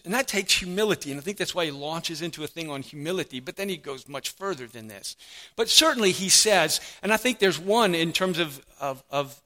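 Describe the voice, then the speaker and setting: Bright-voiced preacher in a sermon. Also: male voice, fairly high pitch. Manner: earnest preaching with rising emphasis and dropped-voice quotes. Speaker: pastor.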